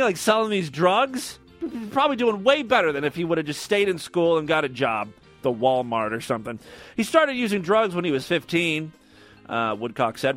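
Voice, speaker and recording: A man's voice: mid-range voice, a bit bright. A man hosting a comedy podcast, reading odd news stories aloud with sarcastic, mocking asides. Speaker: podcast host.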